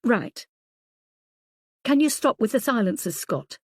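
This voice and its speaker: A woman's voice: a little high, lively intonation, slow pace, husky, dry recording, clean studio sound, pitched above the performer's own voice, heavily acted. Woman reading as an anxious female team leader. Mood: impatient. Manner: impatient, emotional.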